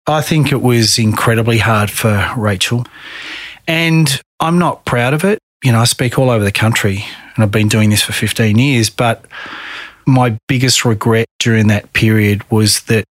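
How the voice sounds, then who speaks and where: A middle-aged Australian man telling his own story in a podcast interview, earnest and measured. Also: medium pitch, no room sound, clean studio sound. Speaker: guest.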